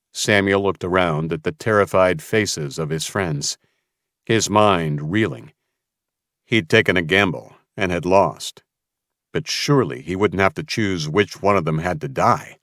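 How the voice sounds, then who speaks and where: Male audiobook narrator, very low voice, dry close sound, dramatic, tense telling. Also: a little slow, fairly bright tone, no echo. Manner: tense storytelling.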